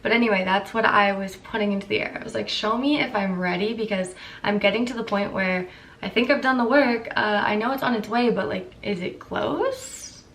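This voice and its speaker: Croaky young woman chatting to camera. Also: mid-range voice, brisk, a bit bright, recorded from a distance. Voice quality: croaky morning voice. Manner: rambling and candid. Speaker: vlogger. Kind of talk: casual chat to camera.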